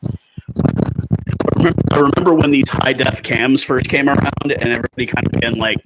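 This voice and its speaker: A man's voice: mid-range voice, steady tone, moderate pace, fairly bright tone. A man in his forties chatting casually and rambling through live rugby commentary on a stream. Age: 40s. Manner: rambling, conversational, filler-heavy.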